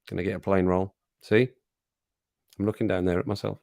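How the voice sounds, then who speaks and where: A man's voice: deep voice, monotone, fast, gravelly, darkish tone, no echo, studio quality. A man hosting a livestream, chatting casually, reading the chat aloud and laughing often. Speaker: livestream host.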